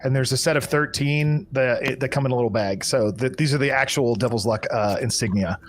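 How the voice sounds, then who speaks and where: A man's voice: mid-range voice, slight background noise. A man running a live tabletop pirate game as game master, explaining rules and narrating a storm with restarts and fillers. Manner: rambling, restarts and fillers, brisk rules talk.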